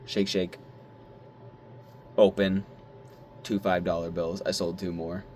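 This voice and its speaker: A young man vlogging at his desk, telling a story in a rambling, animated way, swearing now and then and squealing when he acts out his excitement. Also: deep voice, slow, slight background noise. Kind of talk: casual talk to camera.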